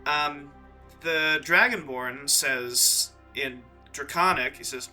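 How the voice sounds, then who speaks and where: A man narrating as dungeon master in a tabletop game, relaxed and full of hesitant ums. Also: on the high side, takes it slowly, faint music behind.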